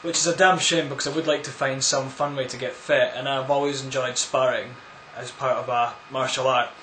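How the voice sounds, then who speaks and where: A man's voice: mid-range voice, fairly even intonation, brisk, pushed and bright, slight background noise. A man answering viewer questions in a casual, rambling vlog, full of crude, absurd jokes. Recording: echoey room.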